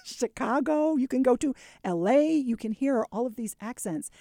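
A woman's voice: sits high, lively intonation, moderate pace, mellow, dry recording, clean studio sound. A woman hosting a radio show, running an interview and reading segment intros, with frequent encouraging listening sounds. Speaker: radio host.

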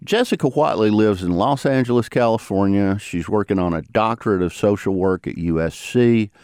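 A man's voice: normal speed, clean tone, no room sound. A man narrating a radio story, reading a script in a conversational tone. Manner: conversational, expressive pitch. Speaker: radio reporter, host.

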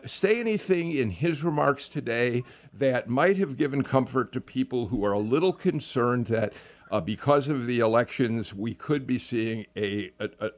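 A man hosting a political radio talk show, speaking in a halting way with many fillers and a wry edge. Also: mid-range voice, no room sound. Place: radio studio.

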